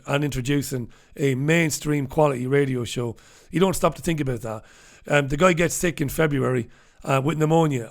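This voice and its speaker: An Irish man hosting a solo newspaper review show, talking bluntly and sarcastically with profane asides while he reads out viewers' comments. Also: medium pitch. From Ireland. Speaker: host. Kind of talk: solo news review show, reading live chat comments.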